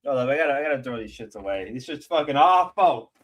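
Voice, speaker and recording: A young man streaming casual commentary, rambling and swearing, repeating himself and swinging between mumbling and loud outbursts. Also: medium pitch, animated, quick pace.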